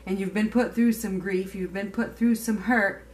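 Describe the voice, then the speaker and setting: A woman's voice: mid-range voice, fairly even intonation, normal speed, slight background noise. A woman giving a casual tarot reading to her viewers, chatty and emphatic, now and then swearing. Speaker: tarot reader.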